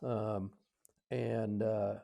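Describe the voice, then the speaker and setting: An American man in his fifties, a podcast guest telling a story in a casual, halting way, with many fillers and self-corrections. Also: lowish voice, flat delivery, vocal fry, mellow. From United States. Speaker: podcast guest, retired Air Force officer.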